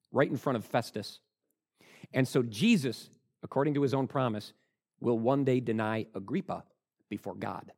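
A man preaching a sermon, acting out the people in the story and jumping from calm teaching to loud, high shouts. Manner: dramatic, acts out the characters with sudden loud shouts. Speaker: pastor.

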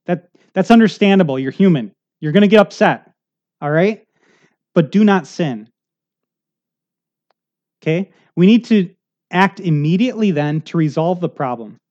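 A man's voice: high voice, expressive, moderate pace, pauses often, darkish tone, muffled recording. A middle-aged male pastor preaching a sermon in a conversational, earnest way, often checking in with the congregation.

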